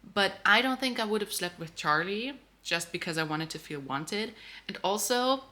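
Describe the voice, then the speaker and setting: A woman reacting to a romance novel in a casual book vlog, animated and outspoken, swearing freely. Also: mid-range voice, moderate pace. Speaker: book vlogger.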